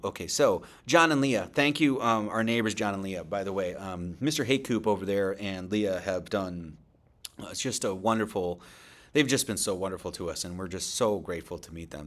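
Rambling low-voiced man hosting a service. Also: fairly bright tone. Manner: rambling, informal, loose and chatty. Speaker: host of an online religious service. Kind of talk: casual closing thanks and announcements.

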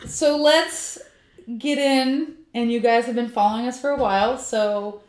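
A woman's voice: fairly high pitch, fairly even intonation, measured pace, a little mellow, reverberant. A woman co-hosting a casual podcast, chatty and laughing easily, with lots of fillers. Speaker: podcast co-host. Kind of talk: casual chat.

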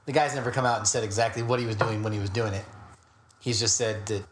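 A man's voice: on the low side, steady tone, fast talker. A man co-hosting a music podcast who talks bluntly and teases his co-hosts. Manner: blunt, teasing. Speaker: podcast co-host. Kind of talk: casual podcast chat about music. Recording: echoey room with faint hiss.

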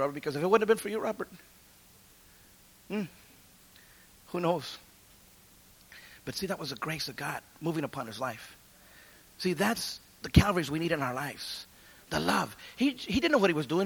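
Gravelly high-voiced man preaching. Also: expressive, brisk, pauses often. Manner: street-slang storytelling, swings from loud preaching to hushed. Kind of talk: sermon with personal testimony.

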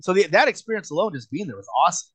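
A man in his late thirties spins stories with a loose, rambling ease, his voice sitting a touch higher than most men's. The sound is dry and close, with no room around it. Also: racing, slightly rough, no echo. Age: late 30s. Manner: rambling, relaxed, with lots of "like" and "man". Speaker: guest wrestler. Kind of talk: casual storytelling in a podcast interview.

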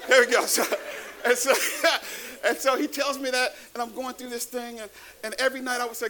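A man preaching a sermon to a live congregation, animated, calling out to the audience and rising to shouts. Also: very high-pitched, brisk, slight background noise, low-quality recording. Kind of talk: sermon with testimony. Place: church before a live congregation.

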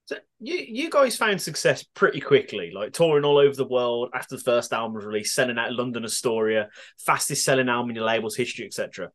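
A man hosts a casual podcast interview, asking enthusiastic questions. His pitch moves up and down in a lively way. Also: quick pace. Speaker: podcast host.

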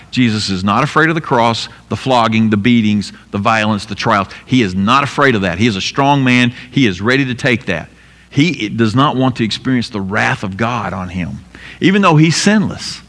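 A pastor giving an emphatic sermon, asking rhetorical questions and repeating key lines. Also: male voice, medium pitch, lively intonation, moderate pace, a bit bright, in a large hall.

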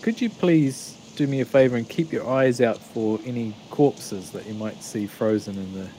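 A player at a tabletop game, making playful, deadpan suggestions. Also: medium pitch, normal speed, slight background noise, low-quality recording. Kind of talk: casual tabletop play.

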